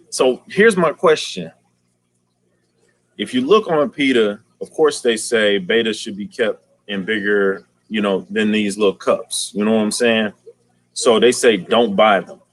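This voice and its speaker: A man hosting a casual aquarium livestream, talking in slang and greeting viewers by name. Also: fairly low pitch.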